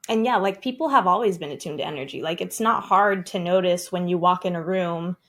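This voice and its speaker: A woman's voice: lowish voice, brisk, fairly bright tone. A woman around thirty, a breathwork coach on a podcast, talking in a chatty way with lots of 'like' and casual swearing.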